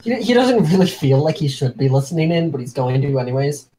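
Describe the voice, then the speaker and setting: A woman's voice: low-pitched, sing-song, fairly quick, mellow, slight background noise. A woman playing a tabletop game, casual and playful. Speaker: player. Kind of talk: casual tabletop role-play.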